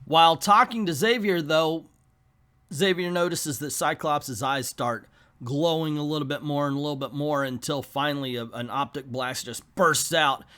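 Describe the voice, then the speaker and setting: A man's voice: a little high, normal speed, pushed and bright. A man hosting a comic book video, recapping a story in a casual, chatty way with joking asides.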